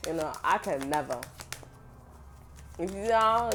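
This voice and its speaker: A young woman with a low-pitched voice rants casually to her viewers during a tarot reading. She swears freely and talks with heavy emphasis, breaking into frequent laughter as she rambles from one point to the next. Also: expressive, brisk. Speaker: tarot reader.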